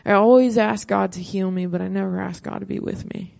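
A woman's voice: medium pitch, steady tone, fairly quick, gravelly, a little mellow. A woman pastor in her thirties telling a personal testimony, earnest and storytelling, quoting her own prayers.

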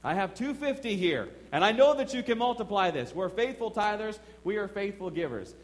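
A middle-aged man preaching a sermon in a church, telling a personal story with emphatic swings between quiet asides and excited outbursts. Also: sits high, fairly quick. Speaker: pastor.

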